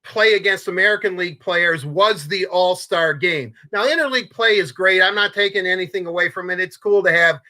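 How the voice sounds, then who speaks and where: An older man co-hosting a casual sports talk show, rambling and halting with repeated words and fillers. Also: high voice, pushed and bright. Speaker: co-host.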